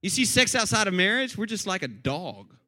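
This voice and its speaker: Animated, bright-voiced preaching man. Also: high-pitched, brisk. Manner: animated, acts out shouted scenes, addresses congregation directly. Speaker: pastor. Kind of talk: sermon.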